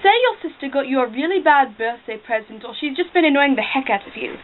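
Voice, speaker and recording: A woman's voice: high-pitched, expressive, fast talker. A teenage girl hosting a comedy how-to skit in a playful, mocking way, recorded on a lo-fi home camera. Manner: playful, mocking, mimicking her sister. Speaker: video host. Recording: lo-fi home camera audio with loud noise.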